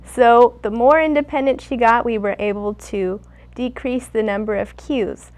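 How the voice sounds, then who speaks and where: Young woman doing speech therapy cues, kinda high voice, patient, lots of "good job". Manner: patient, coaching, gives quick bright praise. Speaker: student speech clinician. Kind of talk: demonstrating a speech therapy session.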